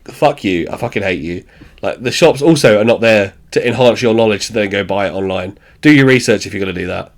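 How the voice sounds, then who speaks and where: A man's voice: fairly low pitch, quick pace, few pauses. A man co-hosting a podcast, recapping a sitcom in casual chat, blunt and sweary, acting out lines with laughter. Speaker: podcast co-host.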